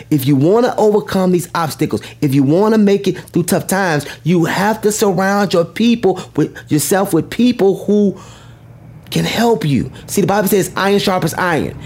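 A man giving a motivational speech, emphatic and preacher-like, repeating his key lines and swinging widely in pitch. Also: expressive, moderate pace, darkish tone. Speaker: motivational speaker.

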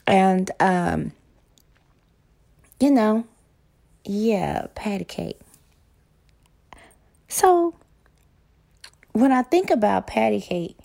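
A woman with a gravelly, mellow voice speaks in a loose casual monologue. She is blunt and profane and swears without a second thought. When she retells an argument, she plays out both sides herself. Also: lowish voice.

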